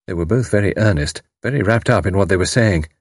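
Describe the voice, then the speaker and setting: A man narrating an audiobook in an expressive reading style, recorded close on a studio mic. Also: deep voice, quick pace, husky, dry recording. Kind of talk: scripted narration.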